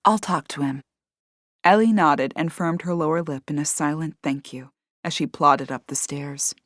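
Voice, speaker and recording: A woman narrating a cozy mystery audiobook in a measured storytelling manner. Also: low voice, no room sound, clean studio sound. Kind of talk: scripted narration.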